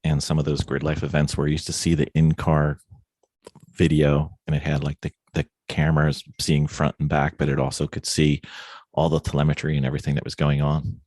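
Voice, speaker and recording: A man's voice: rumbling low, completely flat delivery, a little fast, darkish tone, no room sound, studio quality. A man hosting a podcast, chatting easily and moving the show from one segment to the next. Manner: conversational, steering the show between segments. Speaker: podcast host. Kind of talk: casual chat.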